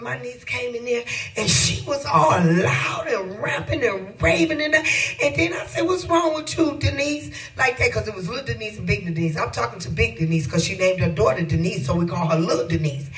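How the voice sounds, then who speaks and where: A man in his fifties preaches through a homespun story in an animated, chuckling way, turning to the congregation with asides. His voice sits high, and the mic catches him from a distance. Soft music plays faintly underneath. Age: 50s. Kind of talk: storytelling sermon.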